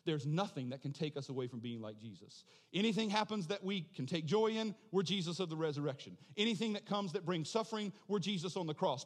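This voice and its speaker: A man preaching with a high, lively voice that swoops up and down through his sermon. He builds to fervent near-shouting, then sinks into a hushed prayer. The sound rings with the long reverb of a church hall. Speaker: pastor.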